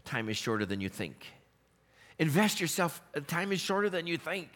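A man's voice: on the high side, big pitch swings, normal speed, a bit bright. A man, a pastor, preaching a sermon in a church and telling stories with humor, often laughing. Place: church sanctuary.

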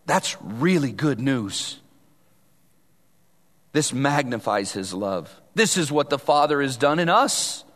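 A man's voice: medium pitch, big pitch swings, slow pace. Earnest preacher man in a reverberant hall. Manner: earnest preaching, swinging from emphatic to hushed. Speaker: pastor. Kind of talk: sermon.

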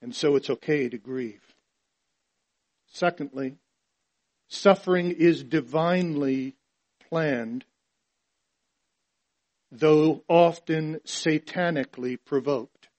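Pastor guy giving a sermon, kinda high voice, goes quiet then gets loud and emphatic. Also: takes it slowly, long pauses. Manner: swings from hushed to loud and emphatic.

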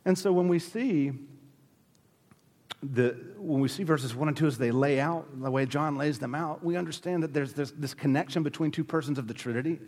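A man preaching a sermon as pastor, emphatic, with sharp rises and drops in his delivery. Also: a little high, in a large hall.

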